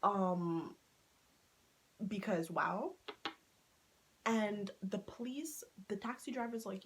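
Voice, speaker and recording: A woman vlogger telling a dramatic personal story in a casual, animated storytime chat, swearing freely and acting out what people said. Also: mid-range voice, unhurried, pauses often, low-quality recording.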